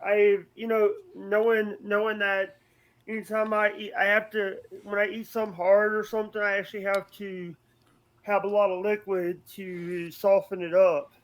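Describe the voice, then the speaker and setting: A man, a guest on a casual podcast chat, talking in halting, hesitant bits. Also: sits high, little pitch movement, rough recording.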